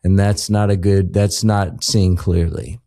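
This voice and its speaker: A man talks as a podcast guest in a measured, unhurried way, his voice low and mellow. He speaks earnestly and reflectively, stretching out his exclamations. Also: level tone, vocal fry. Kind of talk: podcast conversation.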